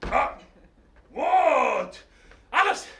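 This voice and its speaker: Brash young hero, storyteller puts him on; high, lively, heard from a distance in a roomy hall. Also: male voice, extremely slow, creaky, a little hiss or hum, exaggerated voice. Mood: pleading. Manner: shouting, exasperated pleading. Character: brash hero Hercules, young man, impatient. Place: arts centre stage, live show. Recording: roomy hall, mic from afar.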